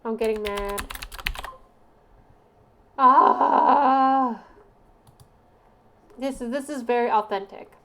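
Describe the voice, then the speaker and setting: A woman streaming game jam entries in casual commentary, reacting with loud, disbelieving exclamations and swearing, and reading game text aloud. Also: fairly high pitch, a little fast, hardly any pauses, a little hiss or hum.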